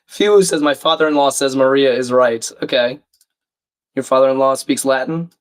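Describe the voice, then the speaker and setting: Man, croaky, under the weather, chatty stream host reading out chat, mid-pitched. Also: moderate pace. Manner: chatty, reads chat aloud, self-deprecating. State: croaky, a bit sick. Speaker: livestream crossword host. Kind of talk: casual live-stream chat.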